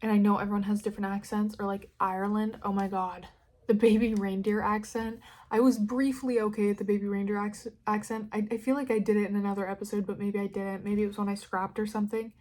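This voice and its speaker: A woman's voice: mid-range voice, little pitch movement, quick pace. A young woman from California with a Californian American accent, hosting a casual solo podcast and rambling candidly with plenty of swearing. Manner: rambling, candid, sweary, dramatic swings in loudness. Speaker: podcast host.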